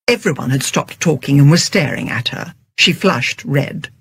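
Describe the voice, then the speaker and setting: An audiobook narrator reading a story in a steady, storytelling manner. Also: mid-range voice, normal speed, breathy edge, dry recording.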